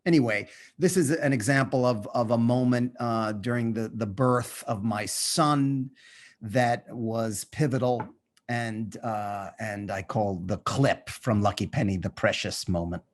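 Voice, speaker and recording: Man, guest artist, casual talk, medium pitch, halting, lots of restarts. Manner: halting, many restarts, then quick bursts. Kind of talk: casual conversation.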